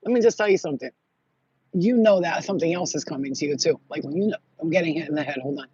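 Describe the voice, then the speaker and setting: A woman's voice: deep voice, quick pace, dark tone, husky, dry recording. A woman vlogger talking in a blunt, profane, rambling casual monologue. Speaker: spiritual vlogger. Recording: dull lo-fi audio.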